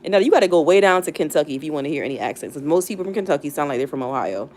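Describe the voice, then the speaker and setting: A young woman talks casually on a live stream, thinking aloud with plenty of fillers and restarts. Her voice sits a little low for a woman, and her talk stays loose and conversational throughout. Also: animated, racing, darkish tone. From United States, not the South. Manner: chatty and reflective, many fillers and restarts. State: near tears. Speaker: livestream host.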